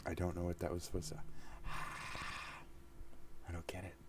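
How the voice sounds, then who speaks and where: A man's voice: deep voice, monotone, normal speed, very noisy. A sleepy young man who keeps yawning as he rambles and swears while signing off from his stream. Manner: drowsy, profane, rambling. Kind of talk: casual rambling sign-off.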